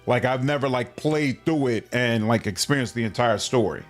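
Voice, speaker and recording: A male streamer talking through a game in a relaxed, chatty way, answering viewers as he plays. His voice sits at a middle pitch, with faint game music underneath. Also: normal speed. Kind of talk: casual gameplay livestream commentary.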